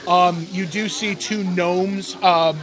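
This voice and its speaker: High-voiced man running a tabletop game. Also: slow, music in the background. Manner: relaxed, rambling, laughing. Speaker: game master.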